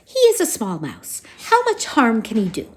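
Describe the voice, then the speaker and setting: A woman's voice: a little high, huge pitch swings, moderate pace. A woman voicing a haughty female mouse mother, dismissive and dramatic.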